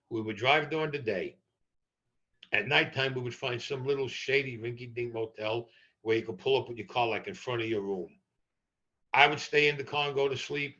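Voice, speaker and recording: An older man tells stories as an interview guest, blunt and profane. His voice is bright and forceful. The recording sounds a little dull and muffled. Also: medium pitch. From New York. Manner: blunt, profane, animated storyteller. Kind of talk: storytelling in a podcast interview.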